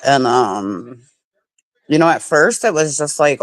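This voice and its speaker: A woman chatting casually on a livestream, animated and swearing freely as she tells stories. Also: very deep voice, slow pace, no echo. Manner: animated, swearing, talks with mouth full. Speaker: livestream guest. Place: home.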